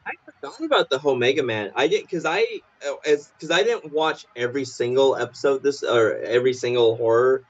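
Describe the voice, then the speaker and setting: A man chatting loosely on a live podcast stream, circling through "like" and "uh" as he retells scenes. He jumps into squeaky, exaggerated voices when quoting characters. The sound is dull and lo-fi. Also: a little fast, few pauses. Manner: rambling, filler-heavy, pops into high goofy voices for quotes. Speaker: podcast co-host. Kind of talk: casual chat retelling cartoon scenes.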